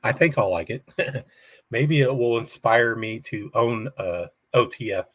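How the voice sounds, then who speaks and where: A man's voice: medium pitch, measured pace, dry recording. A man hosting a casual live chat from home, rambling and chuckling often. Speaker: livestream host.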